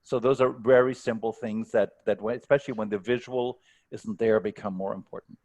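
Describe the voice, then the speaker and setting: A man's voice: on the low side, fairly even intonation, brisk, darkish tone. A man speaking as a guest coach on a video call, answering questions thoughtfully and often repeating words as he starts a sentence. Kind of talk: online workshop Q&A.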